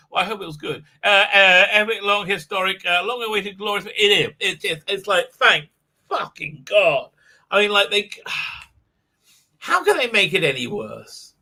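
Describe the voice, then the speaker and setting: A man with an Israeli accent hosts a casual live stream from his home office, reading viewer comments aloud. He rambles, swears, laughs often and uses many fillers, his expressive voice sitting high, pushed and bright at a normal speed.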